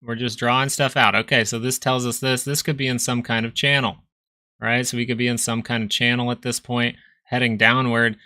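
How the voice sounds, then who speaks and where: The young man hosting this live stock stream talks a little fast, his mid-range voice bright and forceful but flat in delivery. His chart commentary is casual and rambling, mixed with jokes for viewers.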